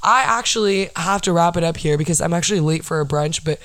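A woman's voice: lowish voice, fast, a bit bright, no echo. A young woman hosting a solo podcast, telling an exasperated story full of profanity. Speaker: podcast host.

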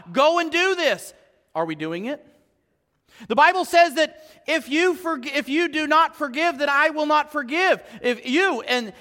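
A pastor delivers a sermon in a church sanctuary, his strikingly high, bright voice carried by a long hall reverb. He speaks conversationally to the congregation, firing off rhetorical questions and swinging between loud emphasis and quiet, low asides.

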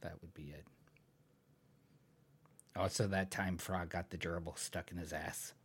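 A man's voice: sits low, fairly even intonation, a little slow, husky. A man co-hosting a casual podcast over an online call, cracking crude jokes and laughing often. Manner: giggly, crude joking. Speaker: podcast co-host. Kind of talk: casual chat.

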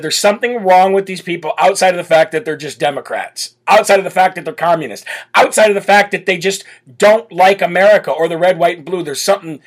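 A man hosting a political talk show, brash and sarcastic in his opinionated solo commentary. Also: high voice.

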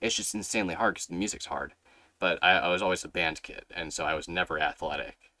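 A man's voice: sits low, quick pace, bright, forceful tone, dry recording. A young man hosting a podcast, telling a rambling, swear-filled story in casual chat and acting out his younger self. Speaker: podcast host.

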